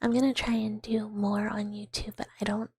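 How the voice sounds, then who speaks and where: A woman VTuber streamer chatting with viewers in a soft ASMR whisper, rambling with fillers and giggles, close to the mic. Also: medium pitch, flat delivery, moderate pace, husky, no echo.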